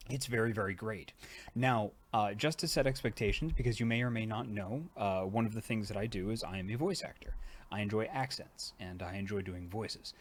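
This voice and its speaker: Guy with a lowish voice chatting on stream, rambly, tired jaw, lots of uhs. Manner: rambling, chatty, frequent "uh" fillers. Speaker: streamer and voice actor. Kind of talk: casual livestream chat.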